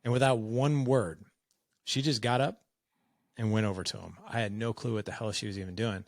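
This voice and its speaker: Frank low-voiced man in his forties. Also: fairly even intonation, a little fast, no echo, clean studio sound. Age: 40s. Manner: frank, conversational, acts out dialogue with "I was like". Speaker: podcast guest. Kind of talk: candid personal storytelling.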